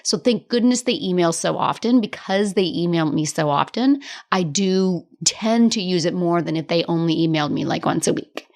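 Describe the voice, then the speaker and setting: A woman hosting her own coaching podcast, talking casually and directly, with a chatty, animated delivery and frequent laughs. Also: fairly low pitch, normal speed. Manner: tough-love directness, casual swearing. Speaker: podcast host and business coach. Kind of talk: casual solo podcast talk.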